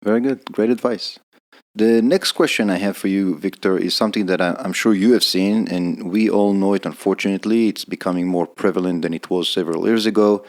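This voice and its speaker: A man's voice: low voice, fairly quick, a little mellow. A man, an emergency physician hosting a podcast, asking questions and affirming his guest's answers. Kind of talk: interview questions.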